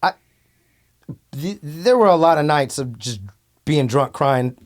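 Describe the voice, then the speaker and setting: A man's voice: on the high side, lively intonation, takes it slowly. Outspoken bay area guy telling stories, cusses a lot, lots of ums. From Antioch, California. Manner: outspoken, blunt, swears freely, many fillers. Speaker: rapper and podcast guest. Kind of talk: casual storytelling interview.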